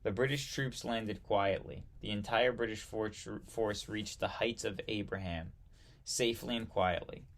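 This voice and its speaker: A man reading aloud from an old history textbook, halting now and then to correct himself and add brief asides. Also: on the low side, steady tone, a bit bright. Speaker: history reader.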